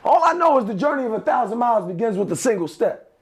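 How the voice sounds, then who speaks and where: A man's voice: very high-pitched, very animated, fast talker, husky. A man giving an emphatic motivational talk to a class of teenagers, leading them in repeated affirmations. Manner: emphatic, repetitive, leads call-and-response affirmations. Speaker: motivational speaker.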